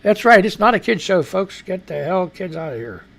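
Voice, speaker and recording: A man's voice: sits high, big pitch swings, moderate pace, vocal fry. A man hosting a live radio news show, rambling and reading listener comments with profane asides and an American accent. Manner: rambling, profane, exclaiming and laughing.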